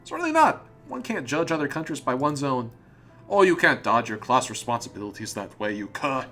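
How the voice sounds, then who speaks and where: A man's voice: mid-range voice, very animated, fairly quick, sharp tone, faint music behind. A man voicing a cheerful, zealous male communist alien troll in a put-on Russian accent, preachy and rousing. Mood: indignant. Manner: rousing, preachy, addresses listener as comrade.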